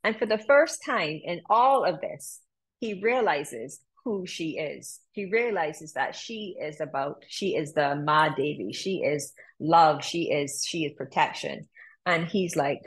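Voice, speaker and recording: Breathy, chatty woman yoga teacher. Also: sits low, animated, unhurried, low-quality recording. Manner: chatty, laughs often, acts out characters in the story. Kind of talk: casual storytelling and yoga instruction.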